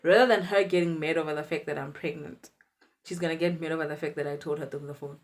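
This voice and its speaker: Woman in her twenties, low-pitched, casual storytime vlogger, chatty and animated. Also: quick pace. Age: 20s. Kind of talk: storytime vlog.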